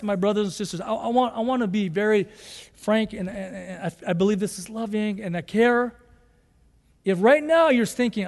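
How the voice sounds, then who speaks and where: Male pastor, high and light-voiced, earnest sermon delivery, long reverb of a big hall. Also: moderate pace. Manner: earnest, rising to fervent emphasis and shouts.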